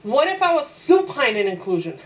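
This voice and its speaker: A woman teacher giving a lively classroom lecture. She acts out her own inner voice in quotes, asks the class rhetorical questions and laughs easily. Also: high voice, brisk, low-quality recording.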